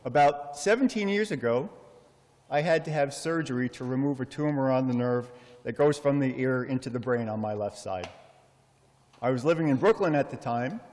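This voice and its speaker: Man, middle-aged, funeral eulogy, measured heartfelt storytelling, medium pitch, long hall reverb. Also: darkish tone. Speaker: son giving a eulogy. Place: memorial service in a large hall.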